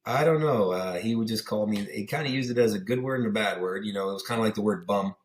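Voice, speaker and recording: A young man from the Pittsburgh area, USA, guests on a podcast, rambling casually through stories with lots of fillers and acting out the voices of the people he quotes. His voice is lowish, he talks fast, and the recording sounds roomy.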